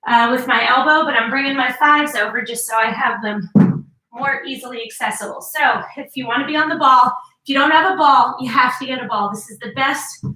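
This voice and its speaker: A woman's voice: high voice, fairly quick, sharp tone. A middle-aged woman, out of breath and sighing between sets, leading a workout and coaching the form while she counts reps. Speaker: fitness instructor. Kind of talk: workout instruction. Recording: echoey room, mic at a distance.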